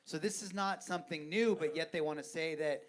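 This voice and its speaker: A man's voice: fairly high pitch, fairly quick. Rambling man on a podcast. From Southern California. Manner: rambling, hesitant restarts. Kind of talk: casual podcast chat.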